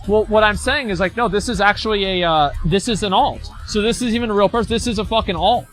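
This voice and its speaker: Male streamer, slightly high voice, blunt, mocking, swears freely while reacting to posts. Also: fast, fairly bright tone, faint music behind. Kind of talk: reading and reacting to forum posts.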